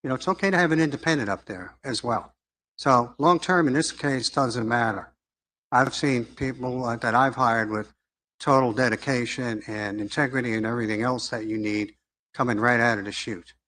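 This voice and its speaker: A man's voice: medium pitch, normal speed, sharp tone, a little hiss or hum. Earnest man addressing a city council. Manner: earnest, rambling, preacherly. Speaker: public commenter. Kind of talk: public comment at a council meeting. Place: council chamber.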